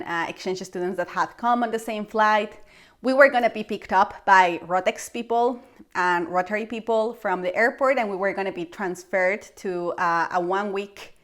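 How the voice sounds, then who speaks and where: Animated young Mexican woman telling a story. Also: medium pitch. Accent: Mexican Spanish. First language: Spanish. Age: young adult. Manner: animated, acts out her past reactions with exclamations. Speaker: vlogger. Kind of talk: casual storytelling vlog.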